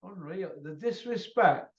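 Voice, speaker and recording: A high-voiced man rants and taunts in a combative, repetitive way. His voice sits off the mic in an echoey room. The recording sounds dull and lo-fi. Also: expressive, a little slow. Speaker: channel host. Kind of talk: ranting monologue to camera. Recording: roomy, distant, dull lo-fi sound.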